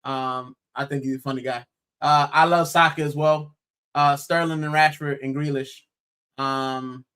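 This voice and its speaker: Young American male co-host, bright forceful tone, excitable, chatty sports banter. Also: a little high, unhurried, smooth. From United States. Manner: animated, exclaiming, says bro often. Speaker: podcast co-host. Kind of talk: casual football chat.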